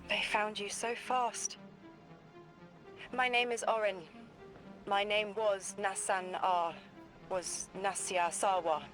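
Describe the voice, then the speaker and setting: A cryptic otherworldly emissary. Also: female voice, medium pitch, slow, pauses often, soft background music. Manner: calm, speaks as if the future is settled. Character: cryptic transmuted woman emissary of otherworldly beings.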